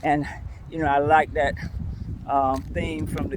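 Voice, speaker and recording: Slow, earnest older woman giving a devotional. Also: deep voice, flat delivery, noisy background. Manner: slow, earnest, unhurried storytelling. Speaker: devotional host. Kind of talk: devotional talk on a scripture verse.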